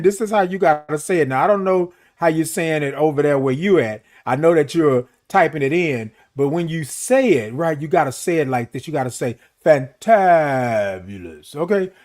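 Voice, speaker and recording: A middle-aged man hosting a casual morning live stream, greeting viewers, reading their comments and stretching out words playfully. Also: fairly high pitch.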